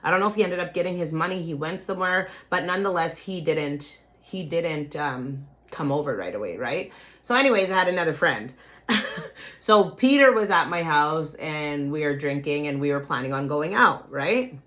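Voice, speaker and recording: Woman with a slightly low voice, swears a lot, tells a lively story straight to her listeners. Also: moderate pace. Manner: profane, animated, addresses listeners as "you guys". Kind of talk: casual personal storytelling.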